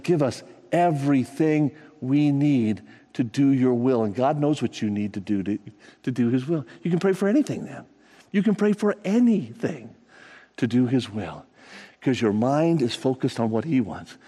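A man preaching a sermon as a pastor, talking to the congregation in a conversational way and acting out scripture stories with lively energy. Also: mid-range voice, breathy edge. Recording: long reverb of a large hall.

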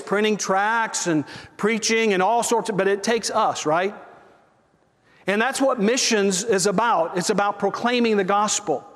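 A man's voice: high voice, long reverb tail. A man preaching a sermon, telling a mission story earnestly and asking the congregation for agreement. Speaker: pastor.

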